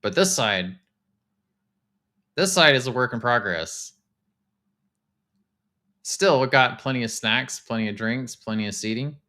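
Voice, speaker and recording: A man, casually chatting to his live-stream viewers while touring game houses, excitable and talkative. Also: mid-range voice, a little slow, long pauses. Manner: chatty, excitable, talks to chat.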